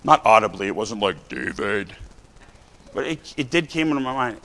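A man preaching a sermon, talking to the congregation in a casual way, with many "right?" and "you know" asides and shouts for emphasis. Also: mid-range voice, expressive, fast talker. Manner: conversational, rising to shouts of emphasis.

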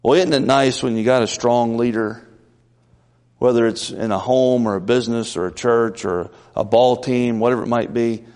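A man preaching a conversational sermon in a folksy way, building up to loud, emphatic peaks. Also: medium pitch, steady tone, moderate pace, big-room sound.

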